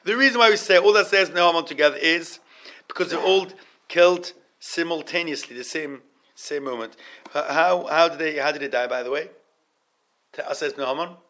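A man with a high voice teaches an informal Torah class. He starts over often and repeats himself. He puts questions to his students and drops Hebrew terms into his English. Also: sharp tone. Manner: halting, repeats words, asks the class questions.

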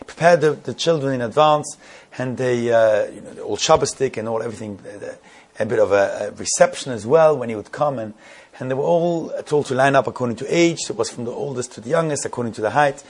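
A man telling a story in a sermon, halting and repeating words, building to emphatic questions. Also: mid-range voice.

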